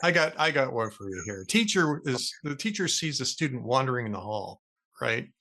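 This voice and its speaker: A middle-aged man hosting a talk show, telling long jokes in a relaxed, chatty way. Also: normal speed. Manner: lively storyteller, animated pitch. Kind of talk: casual joke-telling chat.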